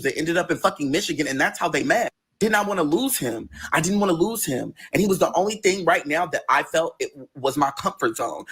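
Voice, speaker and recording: A man's voice: on the high side, fairly bright tone, husky. A man telling a personal story in a casual, profane and dramatic way, acting out the dialogue as he goes.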